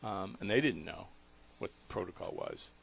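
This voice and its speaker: A man with a low, gravelly voice hosts a talk radio program. He tells a story earnestly, full of feeling, stumbling over his words and starting again. His delivery sounds like unscripted storytelling on the air. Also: expressive, a bit bright, slight background noise. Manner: earnest, emotional retelling with halting restarts.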